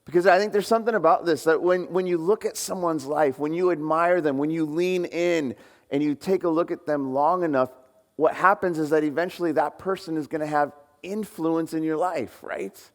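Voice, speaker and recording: A man's voice: a little high, steady tone, moderate pace, long reverb tail. A male pastor from the United States preaching a sermon in a conversational way, putting questions to the congregation. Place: church hall.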